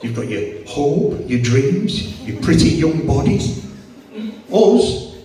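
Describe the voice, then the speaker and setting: Middle-aged Yorkshire stand-up, crude and self-mocking, live club sound from a distance. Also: male voice, fairly high pitch, big pitch swings, slow, dark tone. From Yorkshire, England. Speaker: stand-up comedian. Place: comedy club stage. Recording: echoey club from far off.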